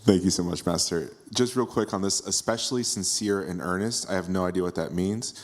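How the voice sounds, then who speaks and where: A man's voice: low-pitched, brisk. A man in the audience at a temple lecture, asking a question with hesitant restarts. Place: temple hall.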